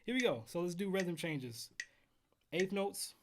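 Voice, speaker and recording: A man hosting a casual livestream trumpet lesson from home, counting in exercises and chatting with viewers in a relaxed way. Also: sits high, measured pace, background noise. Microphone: headphones while streaming.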